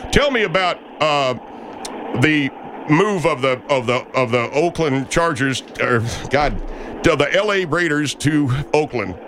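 A man's voice: a little high, expressive, unhurried, fairly bright tone, slight background noise. A man hosting a talk radio show, needling and flustered as he bickers with a caller. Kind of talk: comic talk radio banter.

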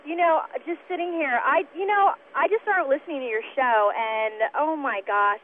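A woman's voice: high voice, normal speed, slight background noise. A woman calling in to a radio show, chatty and a little hesitant. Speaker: caller. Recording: phone line.

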